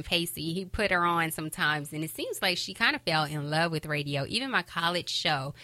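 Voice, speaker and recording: A woman's voice: on the low side, no echo. A woman hosting a podcast in casual, heartfelt talk, cheering listeners on with emphatic repetition. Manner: warm, encouraging, emphatic repetition. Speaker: podcast host.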